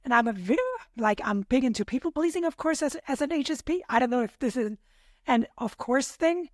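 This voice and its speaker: High-voiced woman, thoughtful and hesitant. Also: expressive, brisk, no echo, studio quality. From Austria. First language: German. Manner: thoughtful, hesitant, frequent fillers. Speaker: podcast guest. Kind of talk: reflective personal conversation.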